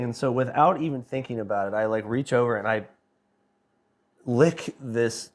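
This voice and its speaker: Podcast guest, man in his 30s, excitable rambler, salty language, mid-range voice. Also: medium pitch, normal speed. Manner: excitable, rambling, swears freely. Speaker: guest band member. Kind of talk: casual anecdote telling.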